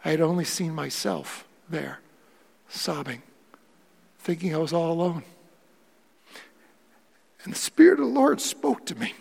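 Impassioned male preacher, high gravelly voice. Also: lively intonation, a little slow, long pauses, big-room sound. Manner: personal testimony building from quiet to impassioned preaching. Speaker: pastor. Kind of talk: sermon.

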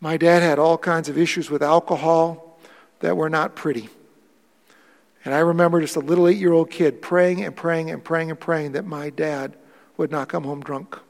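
Impassioned male preacher, high gravelly voice. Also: steady tone, normal speed, in a large hall. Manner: personal testimony building from quiet to impassioned preaching. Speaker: pastor. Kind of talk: sermon.

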